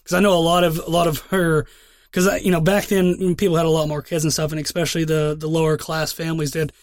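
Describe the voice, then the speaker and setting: A man's voice: a little high, little pitch movement, quick pace, no room sound, studio quality. A young man co-hosting a podcast, telling rambling stories in casual chat with heavy swearing. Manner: profane, rambling storyteller. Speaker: podcast co-host.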